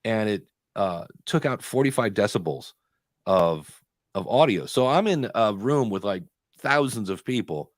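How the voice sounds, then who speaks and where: A man chats casually as the co-host of a live stream, telling a long story with many small pauses and filler words. His voice sits fairly low. The sound is close and dry, with no room echo. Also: expressive. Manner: chatty storytelling, pausing to hunt for words. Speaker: podcast co-host.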